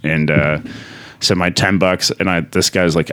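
A man's voice: sits low, fairly even intonation, unhurried, a bit bright, smooth. A male comedian guest telling a rambling story in a casual way, swearing a lot and filling with "like". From Denver area. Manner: rambling, heavy swearing, many filler words.

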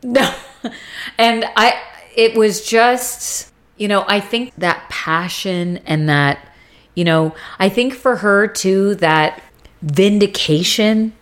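A woman's voice: medium pitch, slow. A young adult woman co-hosting a podcast, recapping a TV series in casual chat and acting out scenes with swearing. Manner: animated retelling, acting out scenes with profanity. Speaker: podcast co-host.

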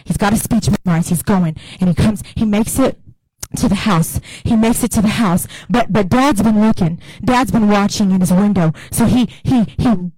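A woman's voice: mid-range voice, normal speed, a little mellow, slightly rough, no room sound, low-quality recording. A woman pastor preaching a sermon in a casual, humorous storytelling way.

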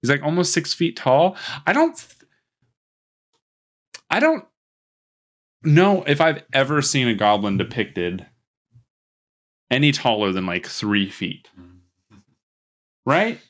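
A man's voice: medium pitch, sing-song, takes it slowly, pauses often, fairly bright tone. A man casually recapping a movie plot on a podcast, rambling with restarts and laughing at his own jokes. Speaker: podcast host.

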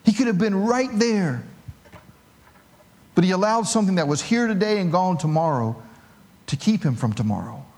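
Animated middle-aged male pastor preaching. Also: high voice, normal speed, long pauses. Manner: animated storytelling with self-mocking humor. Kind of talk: sermon.

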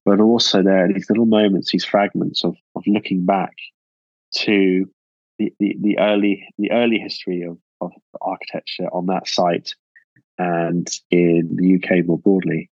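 A man's voice: low voice, flat delivery, moderate pace, no room sound, lo-fi sound. A man answering interview questions about architecture, thoughtful and full of restarts and fillers.

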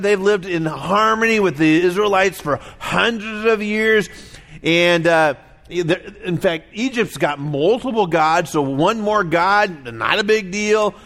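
A man's voice: high voice, a bit bright. A middle-aged man preaching a weekly sermon in a conversational way, acting out the voices of people in his stories. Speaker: pastor.

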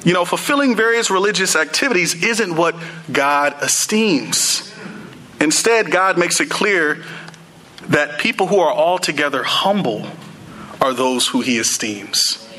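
High, bright-voiced casual young preacher man. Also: animated, unhurried, rough recording. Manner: casual, conversational, many "you know" and "like" fillers. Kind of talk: sermon.

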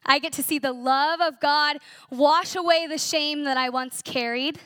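A woman's voice: high-pitched, fairly even intonation, unhurried, a bit bright, no echo, studio quality. A young woman in her twenties sharing an earnest, emotional personal testimony at a church conference, telling her story with animation.

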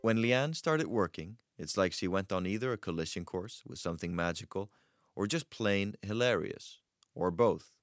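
A man narrating a short documentary profile in a measured, scripted way. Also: sits low, animated, dry recording, clean studio sound. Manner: measured storytelling.

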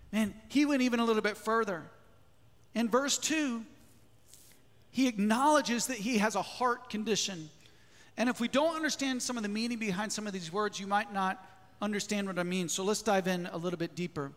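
A man preaching a sermon as a pastor in a church, lively, often putting questions to the congregation. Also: high voice, moderate pace. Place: church sanctuary. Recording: long hall reverb.

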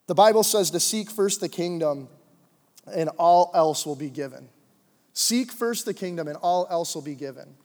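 A young man with a high voice preaches to his church in a relaxed, chatty style, stopping for asides and filler words as he talks. His voice rings out into a big sanctuary with a long reverb trailing behind it. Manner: casual, conversational preaching with many fillers. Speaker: pastor. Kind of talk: sermon.

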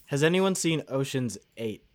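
A speaker in a casual movie chat who asks curious questions and admits confusion. The voice sits at a middle pitch. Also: animated, normal speed, darkish tone.

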